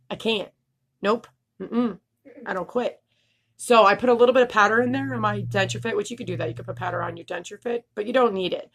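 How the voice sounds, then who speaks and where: A woman's voice: mid-range voice, vocal fry, a bit bright. Young woman vlogger, slight lisp, blunt and laughing, cusses casually. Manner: candid, laughing, swears freely. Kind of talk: casual vlog talk.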